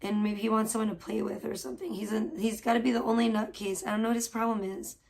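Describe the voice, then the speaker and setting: A woman's voice: on the high side, little pitch movement, fast, a little mellow. A woman livestreaming from home in casual chat, gossiping and swearing freely while scolding her pet cat. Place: at home indoors.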